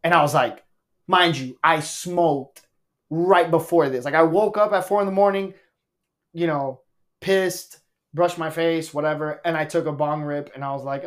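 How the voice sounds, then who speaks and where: A man's voice: a little high, moderate pace. A man, a stand-up comedian, telling a story on a podcast in a casual, profane way and acting out quotes. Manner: animated, profane, acts out quotes.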